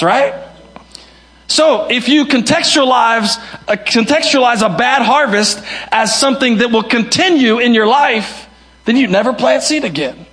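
A pastor's sermon moves a little slowly, breaking into sudden high shouts and dropping into soft, low asides. When he quotes people, he acts out their voices.

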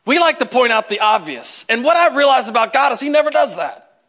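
High, bright-voiced male preacher. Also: big pitch swings, brisk. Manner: joking, talks straight to the congregation. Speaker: pastor. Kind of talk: humorous conversational sermon.

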